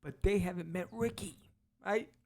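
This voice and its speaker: A man hosting a podcast, walking casually through a comic book and acting out its quotes in quick voices. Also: sits high, creaky. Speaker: podcast host.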